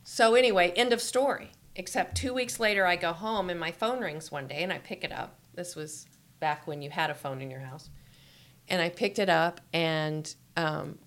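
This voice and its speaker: Middle-aged woman guest, animated anecdote-teller, a bit low-pitched. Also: normal speed. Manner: animated, laughing storyteller acting out quotes. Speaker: guest author. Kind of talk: storytelling in an interview.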